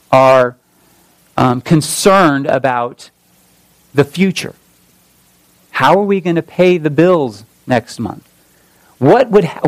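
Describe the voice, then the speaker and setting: A man's voice: on the high side, no echo, low-quality recording. A man preaching a sermon in a conversational way, often restarting phrases and rising on emphatic points. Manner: conversational, searching for words with many restarts. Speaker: pastor.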